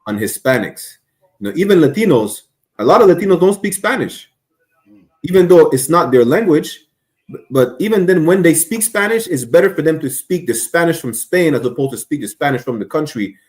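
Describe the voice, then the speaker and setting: A man's voice: fairly high pitch, animated, a little fast. A man speaking on an online stream discussion, earnest and rambling, with many restarts.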